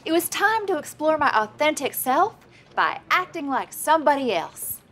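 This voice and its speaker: A woman telling her own story as the lead of a comedy mockumentary, earnest and self-deprecating, awkward and halting at an audition. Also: sits high, very animated, sharp tone, slight background noise. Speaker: comedic narrator and lead character. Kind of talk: deadpan mockumentary narration.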